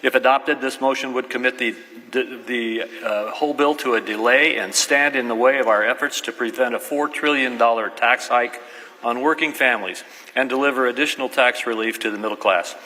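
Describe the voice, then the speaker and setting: A man senator giving a calm, matter-of-fact floor rebuttal. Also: medium pitch, a little fast. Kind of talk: formal floor speech. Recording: echoey chamber, faint noise.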